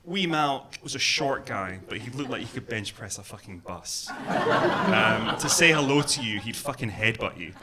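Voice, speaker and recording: A man's voice: medium pitch, lively intonation, moderate pace, heavy background noise. A man from Glasgow with a mild Glaswegian accent, doing a stand-up comedy set in a club, chatty and self-deprecating with many ums and uhs. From Scotland, Glasgow. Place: comedy club with live audience. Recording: live club set with audience laughter.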